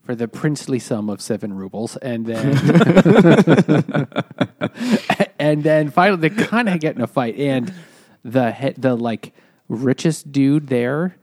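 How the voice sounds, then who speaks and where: A man's voice: mid-range voice, animated, slow pace, a little mellow. A man casually retelling a book's plot in a rambling, laughing way.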